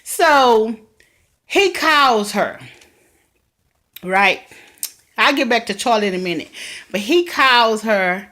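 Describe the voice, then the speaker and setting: Woman vlogger, chatty TV recap, excitable, speaks to camera, pitched a bit high. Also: slow, long pauses. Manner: chatty and excitable, talks straight to viewers. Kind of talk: casual TV recap vlog.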